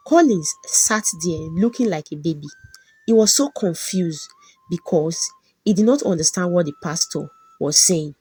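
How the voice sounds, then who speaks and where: Husky woman telling a folktale. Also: on the low side, lively intonation, normal speed, dark tone, soft background music. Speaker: storyteller. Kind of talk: folktale narration.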